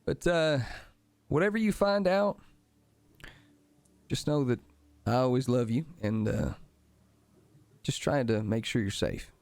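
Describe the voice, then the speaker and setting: A game master voicing a kind, worried baker father who speaks gently and hesitantly. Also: medium pitch, measured pace, pauses often, no room sound, lightly acted. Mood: tender.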